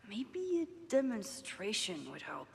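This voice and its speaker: An actress voicing a gentle young woman photographer who teaches a class, in video game dialogue. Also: on the high side, very animated, takes it slowly, gravelly, slightly rough, full character voice. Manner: soft-spoken, thoughtful.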